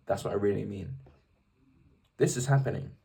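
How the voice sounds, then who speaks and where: A man's voice: on the low side, normal speed, creaky, breathy edge, distant mic. A young English man in a casual, rambling vlog about faith, often restarting his sentences. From England. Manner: rambling, animated, self-interrupting. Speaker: vlogger. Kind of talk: casual faith talk to camera.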